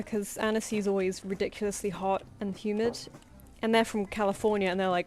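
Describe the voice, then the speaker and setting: A woman's voice: medium pitch, little pitch movement, a little fast, darkish tone. Young woman, casual streamer chat, anecdotal and giggly, faint music underneath. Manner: chatty, anecdotal, laughs often, acts out quoted voices. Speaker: artist streaming live commissions.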